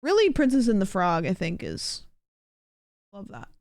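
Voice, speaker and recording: A young woman with a Pacific Northwest American accent, hosting a livestream and chatting casually with viewers. She rambles, says "like" constantly, and calls herself monotone. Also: mid-range voice, a little slow, creaky, no room sound, studio quality. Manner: chatty and rambling, heavy use of "like", self-described monotone. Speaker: livestream host.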